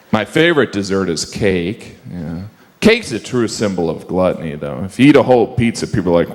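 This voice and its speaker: Deadpan stand-up comedian with lively pitch. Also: male voice, a little fast. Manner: deadpan with mocking put-on voices. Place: comedy stage before a live audience. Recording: live stage mic with audience noise.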